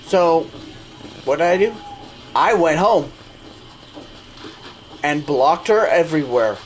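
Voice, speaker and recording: A man's voice: a little high, animated, slow pace. A man telling a personal story in casual chat while gaming, rambling and restarting his sentences. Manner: rambling, restarts and self-corrections. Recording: noisy background.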